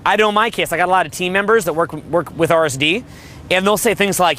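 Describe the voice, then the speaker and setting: A man's voice: sits high, fast talker, pushed and bright. A man coaching on dating in a brash, crude monologue, riffing and mimicking other people. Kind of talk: motivational monologue.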